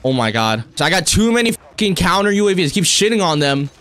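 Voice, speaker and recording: A young man streaming a shooter game, commenting live with profane, excitable and frustrated outbursts. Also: high voice, fast. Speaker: gaming streamer.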